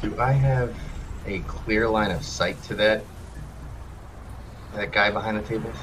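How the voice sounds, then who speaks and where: A man's voice: lowish voice, fairly even intonation, unhurried, a bit bright, slight background noise, rough recording. A man playing in a tabletop game, talking casually and hesitantly as he thinks aloud and describes his moves. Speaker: player.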